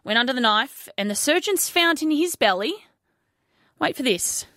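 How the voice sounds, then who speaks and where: A woman's voice: high voice, expressive, moderate pace, sharp tone, dry recording, clean studio sound. A woman with an Australian accent co-hosting casual breakfast radio, telling a news story with playful exaggeration. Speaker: radio co-host. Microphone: studio microphone.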